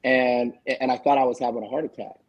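A man's voice: mid-range voice, fairly even intonation, fast talker, husky, muffled recording. A man speaking as a guest on a video call, telling a heartfelt personal story. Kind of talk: casual chat.

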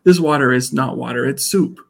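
Male podcast co-host, gravelly, relaxed chat, quotes bits of scenes. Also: medium pitch, fairly quick. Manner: laughs often, acts out quotes of characters. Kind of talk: casual chat.

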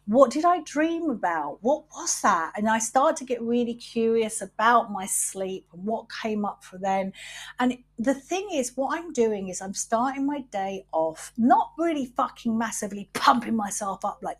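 A middle-aged woman hosting a podcast, talking candidly about her wellbeing routines, unhurried and reflective, swearing freely. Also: on the high side, expressive. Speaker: podcast host.

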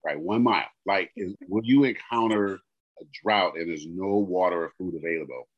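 A man co-hosting a podcast, casually telling an animated story and acting out the people in it. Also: deep voice, moderate pace, lo-fi sound. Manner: animated storyteller, acts out quoted dialogue. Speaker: podcast co-host.

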